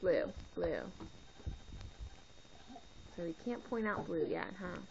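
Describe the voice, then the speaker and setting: A young mother patiently prompting her toddler through a picture book, with slow sing-song cues and encouraging praise. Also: fairly low pitch, animated, gravelly, a little mellow. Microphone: phone. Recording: muffled phone audio with faint hiss.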